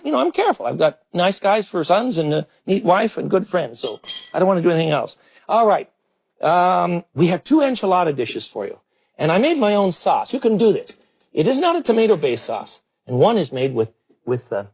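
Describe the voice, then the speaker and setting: A middle-aged man hosting a cooking demonstration in a studio kitchen, his voice a little husky and somewhat high. He talks in a chatty, enthusiastic way and exclaims over the food. The sound is that of a 1980s television broadcast. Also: darkish tone. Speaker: cooking show host.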